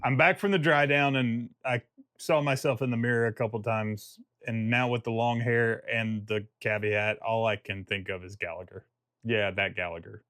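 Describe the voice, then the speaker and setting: A man's voice: fairly low pitch, steady tone, normal speed, fairly bright tone, dry recording, clean studio sound, soft background music. A man giving a casual video review of a fragrance, rambling and joking and often breaking off mid-thought. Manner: rambling, self-interrupting, jokey.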